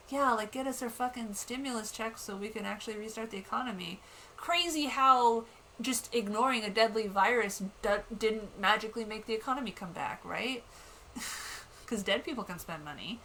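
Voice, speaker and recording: A woman's voice: medium pitch, normal speed, sharp tone, a little hiss or hum, low-quality recording. A woman streamer chatting casually while playing a game at home, candid and swearing, reading in-game text aloud as she goes. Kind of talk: casual gameplay chat.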